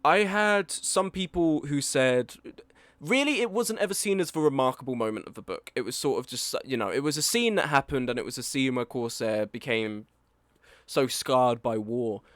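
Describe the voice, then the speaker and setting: On a dry recording, a medium-pitched, fairly bright-toned man in his early twenties reacts casually to a review of his book, which he wrote. He's animated and candid at a moderate pace, but rambles and keeps losing his train of thought.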